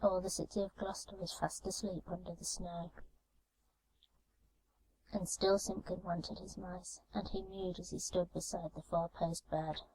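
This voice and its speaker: Woman, calm gentle storybook reading, warm mellow tone, soft ASMR, binaural mic. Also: lowish voice, measured pace, poor audio. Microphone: binaural microphone.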